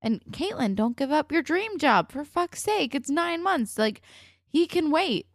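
A woman's voice: high-pitched, sing-song, measured pace, dry recording, clean studio sound. A young woman co-hosting a casual podcast, blunt and exasperated, swearing freely as she vents. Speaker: podcast co-host. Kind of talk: casual chat.

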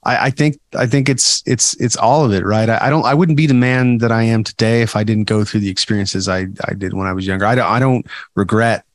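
A man's voice: lowish voice, fairly even intonation, fairly quick, hardly any pauses. A man co-hosting a podcast, chatting casually and rambling with many restarts. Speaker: podcast co-host. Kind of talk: casual chat.

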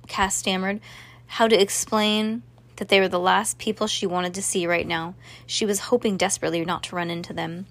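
A woman narrating a children's story aloud, steady, with small restarts. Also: medium pitch, normal speed, no room sound. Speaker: reader.

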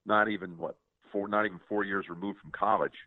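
Brief: broadcaster in his 60s, deep voice, halting storyteller, dry and close. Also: fairly even intonation, dry recording. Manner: earnest, halting with many restarts. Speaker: interview guest, sports broadcaster. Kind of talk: casual interview storytelling. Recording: tinny dry phone-like line.

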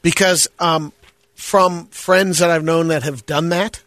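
A man co-hosting a casual radio talk show, measured and reasonable as he chimes in. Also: on the high side, steady tone, fairly bright tone. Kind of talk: casual banter on air.

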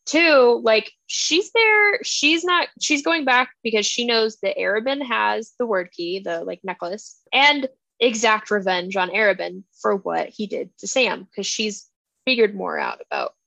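A young woman co-hosting a book podcast, chatting casually and quoting characters with animated voices. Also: on the high side, unhurried, gravelly, no echo. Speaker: podcast co-host. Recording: dull, dry, lo-fi sound.

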